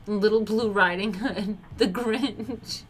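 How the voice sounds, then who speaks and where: Woman streamer, unhurried delivery, crude jokey asides, frequent laughter, faint hiss behind. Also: medium pitch. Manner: laughs often, crude and joking. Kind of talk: casual reaction commentary.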